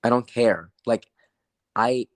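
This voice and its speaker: A man's voice: medium pitch, slow, no echo, studio quality. A man co-hosting a podcast, ranting in a frustrated, rambling way and repeating that he doesn't know. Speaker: podcast co-host. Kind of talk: casual movie review chat.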